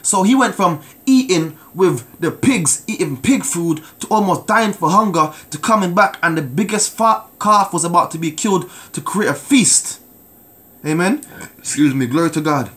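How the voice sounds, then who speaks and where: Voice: mid-range voice, animated, moderate pace, fairly bright tone. A preacher giving a sermon with a personal testimony, emphatic and repeating words, often calling out to listeners for an amen.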